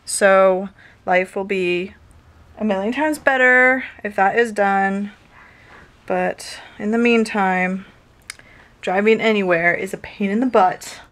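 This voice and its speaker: A woman's voice: mid-range voice, slow pace, dry recording. A young woman chatting casually to the camera from inside a car, rambling and filling her talk with "like" and "I don't know". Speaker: daily vlogger. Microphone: handheld camera held in the car. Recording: loud car noise behind.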